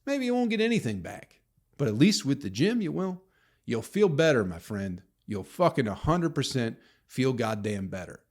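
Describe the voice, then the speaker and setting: A man's voice: medium pitch, sing-song, normal speed. Profane ranting male podcast host. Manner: profane, ranting, mocking impressions. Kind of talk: solo rambling podcast monologue.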